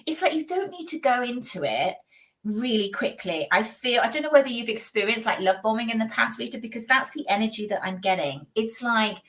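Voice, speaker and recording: A woman's voice: fairly high pitch, brisk, distant mic. Chatty woman on a live stream. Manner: chatty, rambling, animated, with frequent laughs and rants. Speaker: psychic doing live readings. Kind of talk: casual live-stream reading and chat. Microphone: video call.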